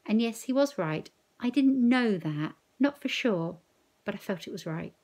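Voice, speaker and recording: A woman teacher reading a novel aloud in first person, slow, measured and expressive. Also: medium pitch.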